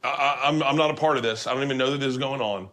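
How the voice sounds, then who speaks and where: A man's voice: medium pitch, racing. A middle-aged man hosting a podcast, telling rowdy anecdotes over dinner with lots of restarts and swearing. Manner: profane, animated anecdote telling with many restarts. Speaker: podcast host.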